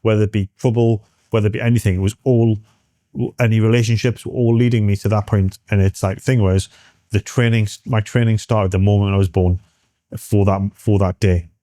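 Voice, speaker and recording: Low, mellow British man telling a story. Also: little pitch movement, no echo, clean studio sound. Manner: halting, restarts, acts out quoted dialogue. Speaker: interview guest, military veteran. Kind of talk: storytelling in a podcast interview.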